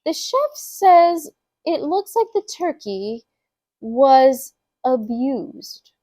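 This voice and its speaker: A woman's voice: high-pitched, very animated, very slow, dark tone, voice pushed up, full character voice. A woman voicing a stiff, noncommittal male hotel manager who speaks in clipped, formal replies. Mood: doubtful.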